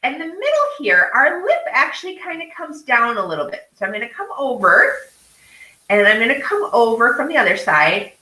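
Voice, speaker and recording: A woman's voice: a little high, big pitch swings, normal speed, bright, forceful tone, roomy sound, rough recording. A woman art teacher guiding children through a drawing step by step, often checking in with "okay?".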